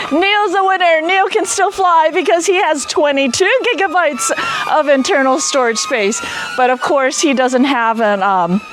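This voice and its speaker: A woman hosting a video, excitedly commenting outdoors as two small drones fly, giggling and fussing over them like pets. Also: sits high, unhurried, noisy background. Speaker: vlog host testing drones. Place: outdoors near a garage.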